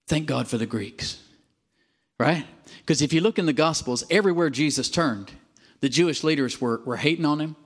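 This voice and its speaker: Guy preaching to a congregation, fired up then quiet, keeps asking amen. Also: a little high. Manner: animated, calls for amens from the congregation; swings from emphatic to quiet and drawn out. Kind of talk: sermon.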